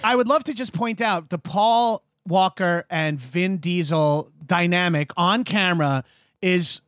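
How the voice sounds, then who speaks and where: Guy in his 30s, pretty high voice, hyped podcast co-host, cusses a lot. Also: a little slow, no room sound, studio quality. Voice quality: high and excitable, swears casually. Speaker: guest co-host. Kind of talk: casual podcast chat.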